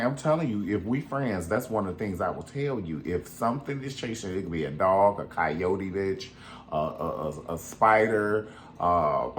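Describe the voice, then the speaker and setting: A man hosting his own casual commentary, sassy and animated, tossing in curse words, calling people honey and mimicking voices. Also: lowish voice, moderate pace, slight background noise. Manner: strong cusses and "honey" asides. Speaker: show host.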